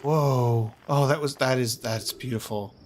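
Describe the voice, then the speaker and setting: A man giving casual let's play commentary on a video game, excitable and full of exclamations and swearing. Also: medium pitch, measured pace, a little hiss or hum. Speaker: gaming streamer. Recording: game music behind the voice.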